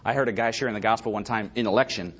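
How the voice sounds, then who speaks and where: Husky emphatic male preacher, lo-fi. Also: lowish voice, racing. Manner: emphatic, rising to shouts for stress. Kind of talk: sermon.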